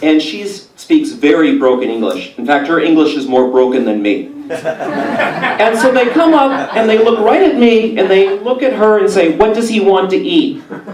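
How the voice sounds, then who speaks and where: A man doing a crude stand-up comedy set, telling stories deadpan and jumping into high voices for the people he quotes. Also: noisy background. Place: theater stage before a live audience. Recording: roomy live room, mic at a distance, loud crowd laughter. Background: audience laughing.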